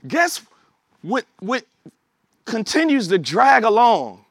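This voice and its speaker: Lively high-voiced preacher man. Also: slow pace, slightly rough, no echo, clean studio sound. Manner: conversational preaching that swings from low asides to high excited shouts. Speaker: pastor. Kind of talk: sermon.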